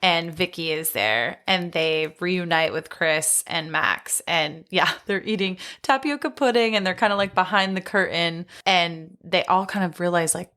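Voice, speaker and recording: A woman's voice: on the low side, unhurried, few pauses, sharp tone. A woman co-hosting a horror film podcast in casual chat, retelling scenes and laughing often. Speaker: podcast co-host.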